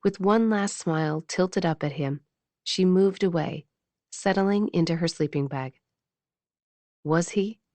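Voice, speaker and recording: A woman narrating a romance audiobook in a measured, intimate reading style on a close mic. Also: on the low side, a little mellow, no room sound.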